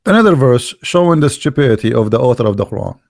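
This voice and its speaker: A man's voice: medium pitch, animated, fast, vocal fry, no echo, clean studio sound. A man speaking English as a second language, mocking a religious text in sarcastic, incredulous commentary. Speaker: online religion critic.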